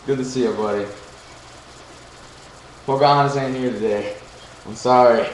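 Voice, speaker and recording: A man's voice: mid-range voice, fairly even intonation, moderate pace. A young man chatting live on his webcam from his home kitchen, joking crudely and drifting from topic to topic. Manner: joking, crude, easily distracted. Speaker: webcam streamer chatting with viewers. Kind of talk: casual rambling live chat. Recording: roomy home room with noisy background.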